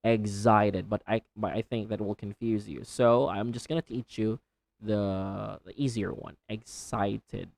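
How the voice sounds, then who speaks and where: Slow, very low-voiced woman teacher. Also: fairly even intonation, vocal fry, darkish tone, dry recording. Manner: slow, deliberate, repeats words with exaggerated enunciation. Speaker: English pronunciation teacher. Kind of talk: pronunciation tutorial.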